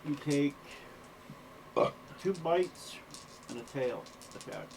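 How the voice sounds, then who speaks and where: A man running a tabletop game as game master, laid-back and quick to laugh and swear. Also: a little high, gravelly, noisy background.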